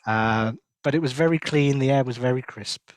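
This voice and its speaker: A man of ordinary mid pitch reads haltingly, stumbling and filling gaps with frequent ums. He is recorded close and dry, with no room around him. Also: dry recording. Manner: hesitant reading, many fillers. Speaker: podcast co-host. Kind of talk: casual chat, reading a travel piece.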